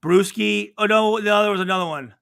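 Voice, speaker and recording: Bright, high-voiced man telling profane stories. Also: a little fast, creaky, clear, resonant tone. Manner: profane, rambling, acts out quotes. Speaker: former football safety, guest. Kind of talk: casual interview storytelling.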